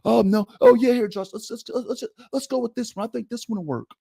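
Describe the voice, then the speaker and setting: A man's voice: very high voice, a little fast, vocal fry, dark tone, slightly rough, voice pushed up, full character voice. A man putting on the voice of a meek, unsure male football coach who stammers and fills his talk with hesitations. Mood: flustered. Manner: stammering, unsure, filler-laden.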